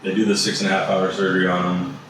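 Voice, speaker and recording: A man with a deep, low voice talks in a loose, conversational way, leaning on fillers and dropping the occasional curse. He sits back from the microphone in a strongly reverberant room, with faint background noise underneath. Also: monotone, fast talker, fairly bright tone. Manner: loose and conversational, full of "you know" and "like", swears casually. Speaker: barbecue business owner, guest. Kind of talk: casual interview storytelling. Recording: very echoey room, voice far from mic.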